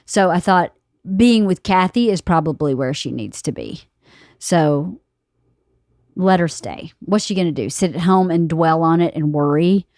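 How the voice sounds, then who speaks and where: A woman's voice: lowish voice, a little slow, no echo, clean studio sound. A woman in her fifties hosting a podcast, chatting casually and acting out quotes as she tells a story. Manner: animated storyteller who laughs often and acts out quotes. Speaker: podcast host. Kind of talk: casual chat. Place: home studio room.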